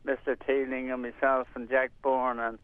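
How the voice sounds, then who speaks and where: An older man rambles on at a middle pitch, full of hesitations and restarts. His voice comes through a thin, tinny phone line. The sound is dry and close, with no room around it. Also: level tone, normal speed, smooth, dry recording. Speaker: community radio volunteer and presenter. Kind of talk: casual radio interview.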